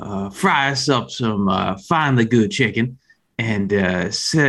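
A man puts on a folksy chicken peddler with an injured wing, drawling in a put-on accent. He fills his talk with slow "uh"s and easy salesman charm. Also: medium pitch, fairly bright tone. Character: folksy man selling chicken from a chuck wagon, with a hurt wing. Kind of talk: tabletop role-play in character.

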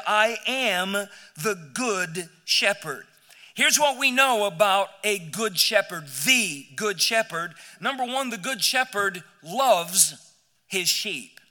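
An older man preaching a sermon as pastor in a church, with emphatic, drawn-out phrases and loud swells. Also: high voice, big-room sound. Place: church sanctuary.

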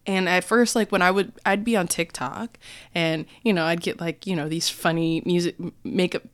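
An American woman co-hosting a podcast in casual chat, animated and laughing often, with lots of fillers. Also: fairly low pitch, normal speed. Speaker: podcast co-host.

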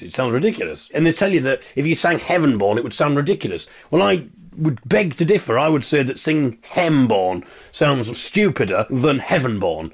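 Wry ranting podcast host. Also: male voice, medium pitch, sing-song, a little fast, gravelly, breathy edge. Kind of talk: comic monologue.

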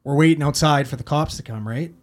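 A man's voice: a little high, fairly quick. A man, a paramedic telling a story in casual talk, rambling and swearing a lot. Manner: heavy swearing, rambling with fillers.

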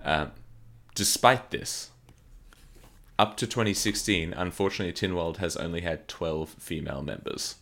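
A man co-hosting a podcast in casual comedic chat, playful and quick to laugh. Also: low-pitched, vocal fry, a bit bright. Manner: playful, laughs often, riffs on jokes. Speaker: podcast co-host.

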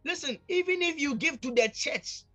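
A male pastor preaching a fervent sermon, repeatedly calling out to the congregation and swinging between shouting and near-quiet. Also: extremely high pitch, animated, normal speed, soft background music.

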